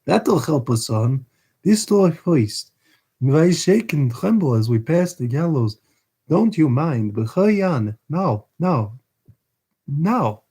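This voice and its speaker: A man's voice: on the high side, big pitch swings, slow, warm tone, slightly rough, voice pushed up, full character voice. A man voicing a fierce old male criminal in a storybook reading, frantic and wheedling by turns. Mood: desperate. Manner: wheedling, desperate pleading.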